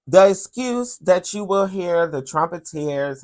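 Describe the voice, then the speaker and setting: A woman hosting a commentary podcast who talks about current events in a sassy, animated way and keeps calling the listener "honey". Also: fairly low pitch, slow pace.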